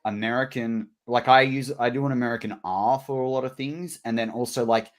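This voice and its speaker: A man with an Australian accent co-hosting a live draft show, chatty and excitable, laughing often. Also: medium pitch, brisk. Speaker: co-host. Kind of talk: casual live draft chat.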